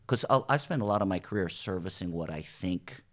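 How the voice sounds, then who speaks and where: Here the New Jersey showrunner's voice sits low yet sounds fairly bright, expressive and a little quick. Chatting as a podcast guest, he spins interview stories and performs the quoted lines himself.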